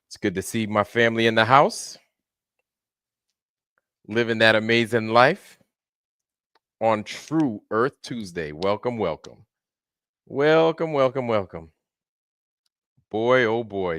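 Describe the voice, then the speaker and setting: A man's voice: fairly low pitch, fairly bright tone, smooth, no room sound, clean studio sound. A man hosting a casual livestream, greeting viewers one by one in a laid-back way. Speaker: livestream host.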